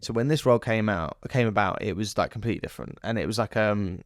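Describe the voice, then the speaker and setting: A man's voice: fairly low pitch, quick pace, no echo, studio quality. A man, an actor chatting as a podcast guest, telling rambling stories. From southern England. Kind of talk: casual interview chat.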